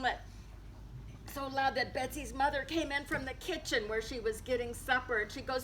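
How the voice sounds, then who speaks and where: A woman author reading a children's book aloud, telling it in a playful, lively way. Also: sits high, normal speed, slight background noise. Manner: lively, playful storytelling with sound effects.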